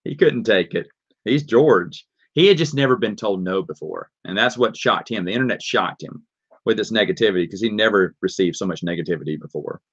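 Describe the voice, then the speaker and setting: Reading out viewer questions on his live stream, a Southern-accented man rambles casually through the answers. His voice sits on the low side with a breathy edge and moves a little fast, and the stream audio is dull and lo-fi.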